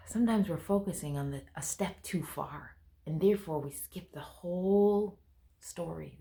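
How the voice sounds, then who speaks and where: Woman host, low and gravelly, earnest motivational vlogger. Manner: earnest and animated, with frequent sighs and self-corrections. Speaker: host of a motivational video series. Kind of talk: casual motivational talk to camera.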